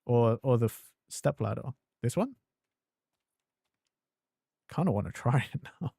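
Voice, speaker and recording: A man chatting his way through a video game stream, excitable and loose with his swearing, breaking into loud exclamations. His voice sits in an ordinary middle range. The sound is dry and close, with no room around it. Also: mid-range voice, measured pace, gravelly, husky, dry recording. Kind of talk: gameplay commentary.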